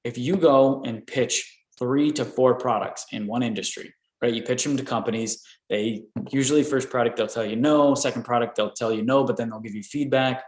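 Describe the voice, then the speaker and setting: An energetic man coaches inventors through licensing negotiations, checking in with the listener by tagging "right?" onto his points. His voice sits at an ordinary middle pitch. The room around him rings with a noticeable echo. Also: moderate pace, hardly any pauses. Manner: energetic, repeats "right?" often. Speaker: licensing expert answering inventor questions. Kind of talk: live Q&A coaching.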